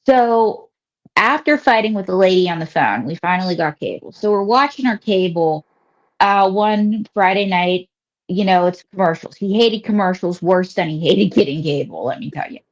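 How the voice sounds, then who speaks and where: A woman with a Western Pennsylvania accent chats as a comedian guest, looping through long stories with fillers and side jokes. Her voice sits at a middle pitch for a woman. The recording sounds slightly dull and lo-fi. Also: expressive, moderate pace. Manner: chatty storyteller, rambling with many fillers and asides. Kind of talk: casual interview chat.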